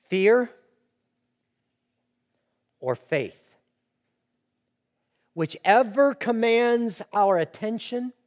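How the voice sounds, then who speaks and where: A man with a high voice delivers a sermon at an unhurried pace. He leans on emphatic repetition and lets each phrase land. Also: darkish tone. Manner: slow and emphatic, with dramatic repetition. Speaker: preacher.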